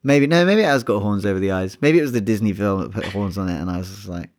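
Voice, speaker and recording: A man co-hosting a casual science podcast, thinking aloud in a relaxed way with frequent restarts. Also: lowish voice, fast talker. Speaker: podcast co-host.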